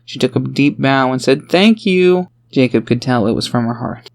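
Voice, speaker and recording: A man reading a fantasy audiobook aloud, his narration even and steady. His voice sits at a middle pitch, neither high nor low. The delivery is scripted and unhurried. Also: gravelly.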